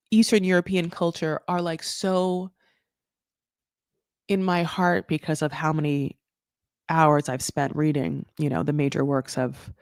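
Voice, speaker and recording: A woman hosting a casual recap chat, rambling through tangents and correcting herself, with sudden jumps up in pitch. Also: dry recording, clean studio sound. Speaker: recap show host.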